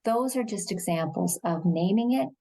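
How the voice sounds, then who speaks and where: A middle-aged woman with a quiet, soothing voice, speaking slowly and gently as a guest explaining de-escalation in a TV interview. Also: medium pitch, animated. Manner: slow, measured, gentle delivery. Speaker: shelter executive director, interview guest.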